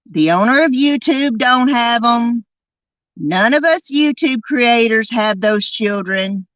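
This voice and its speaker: A woman hosting a true crime podcast, delivering an indignant, emphatic monologue and drawing out key words slowly. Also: on the high side, lively intonation, a bit bright, no echo, muffled recording. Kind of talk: angry commentary monologue.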